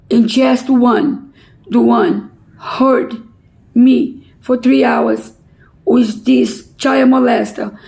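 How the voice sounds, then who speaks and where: A middle-aged woman making an impassioned, pleading public appeal in halting non-native English. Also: a little high, vocal fry, mellow, low-quality recording. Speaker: relative pleading a court case.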